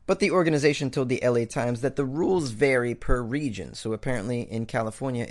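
A male host reading quirky news stories aloud and breaking off into sarcastic, joking commentary. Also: mid-range voice. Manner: reads headlines then riffs with sarcastic, jokey asides.

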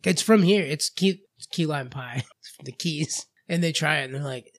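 Man, podcast co-host, a bit high-pitched, casual, giggly anecdotes. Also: normal speed, a bit bright. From Florida. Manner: laughs often, tells stories with voiced quotes. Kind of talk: casual chat.

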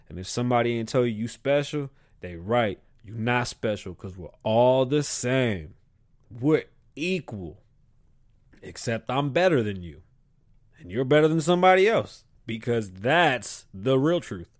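A man's voice: medium pitch, animated, unhurried, no echo, studio quality. A man hosting his own podcast, rambling through a profane, slangy casual monologue. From South Bronx, New York. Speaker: podcast host.

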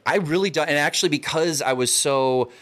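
A man's voice: a little high, brisk, fairly bright tone, a little hiss or hum. A man in casual podcast chat, rambling and swearing freely, often repeating words as he tells stories.

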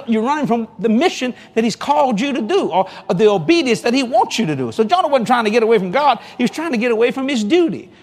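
High-voiced folksy preacher man. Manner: folksy, animated, drawling with repetitions. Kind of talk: sermon with storytelling.

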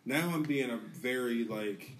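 Man, podcast co-host, casual storytelling, profane, acts out quotes, mid-pitched voice, a bit off-mic. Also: a little slow, fairly bright tone, distant mic, slight background noise.

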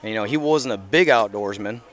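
A man's voice: lowish voice, a little fast, a bit bright. Earnest rambling man outdoors. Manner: earnest, rambling, many fillers. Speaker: podcast guest. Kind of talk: casual interview chat. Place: outdoors at an event.

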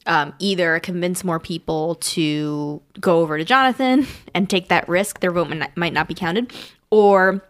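Woman co-host, lower voice for a woman, playful, giggly casual chat. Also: moderate pace. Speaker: podcast co-host.

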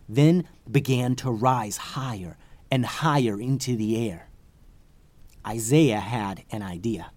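A man telling an improvised adventure story, animated and rising with the action. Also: medium pitch, slow pace, no room sound.

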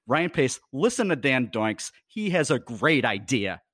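A man's voice: medium pitch, big pitch swings, measured pace, a bit bright, no room sound, clean studio sound. Sarcastic man co-hosting a podcast. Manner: sarcastic, upbeat. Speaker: podcast co-host. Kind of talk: casual sports chat.

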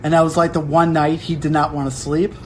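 A young man hosting a casual podcast from home, telling a story in an animated way and acting out quick quotes. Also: fairly high pitch, slight background noise, rough recording. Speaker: podcast host. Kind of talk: casual chat.

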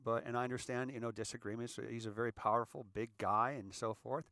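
A man's voice: medium pitch, flat delivery, quick pace, pushed and bright, no room sound, studio quality. A middle-aged man from California talking in a casual, rambling monologue, acting out little scenes as he goes. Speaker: host.

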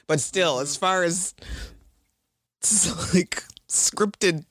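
A woman co-hosting a casual chat that recaps a TV episode, animated, laughing often and swearing as she acts out the characters. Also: lowish voice, very slow, no room sound, clean studio sound. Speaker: podcast co-host.

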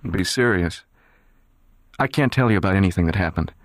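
An actor playing a guarded, controlled young man who talks in a quiet, measured, detached way. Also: low voice, animated, dry recording, clean studio sound. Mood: cold, serious. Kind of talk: dramatized audiobook reading.

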